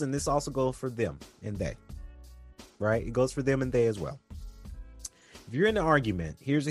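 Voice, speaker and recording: Young man, casual advice monologue, earnest, repetitive, animated pitch. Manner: earnest and preachy, repeats himself often. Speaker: vlogger giving relationship advice.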